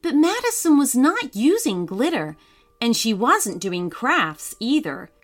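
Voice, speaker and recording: A woman narrating a children's story in an expressive, sing-song way. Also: a little high, a little slow, soft background music.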